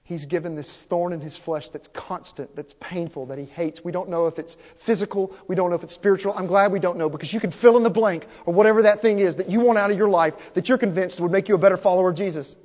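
A pastor preaching an impassioned sermon, swinging from hushed, intimate passages to loud, urgent peaks. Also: male voice, sits high, fast talker, few pauses. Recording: long hall reverb.

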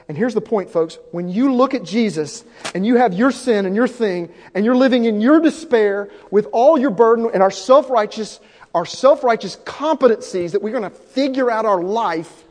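High-voiced man preaching, hall echo. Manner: impassioned, swings from hushed to loud. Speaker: pastor. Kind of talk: sermon. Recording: long hall reverb.

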